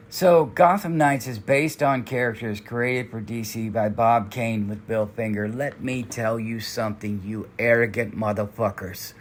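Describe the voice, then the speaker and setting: A man's voice: fairly low pitch, fairly even intonation, a little slow, few pauses, a little hiss or hum. A man hosting a commentary vlog, ranting in a heated, exasperated and profane way. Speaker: commentary channel host. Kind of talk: angry commentary rant.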